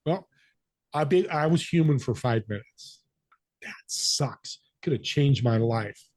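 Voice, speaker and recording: A husky-voiced man tells a story as a podcast guest, switching into the voices of the people he quotes. His pitch sits in an ordinary middle range. The sound is dry and close, with no room around it. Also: animated, takes it slowly, darkish tone, no echo. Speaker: podcast guest, business connector. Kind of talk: storytelling interview talk.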